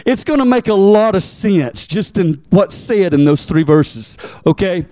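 Man, pastor, sermon, high-pitched voice, dry sound, conversational, repeats words, asks the congregation questions. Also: lively intonation, measured pace, warm tone, no echo. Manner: conversational preaching, frequent "right?" and "amen?" asides to the congregation; repeats words as he restarts sentences.

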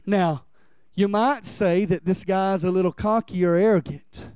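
A man's voice: high voice, a little slow, a little mellow, smooth. A man preaches with fervor, stacking repeated phrases and leading the congregation in call-and-response. The sound is dry and close, with no room echo. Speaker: pastor. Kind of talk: sermon.

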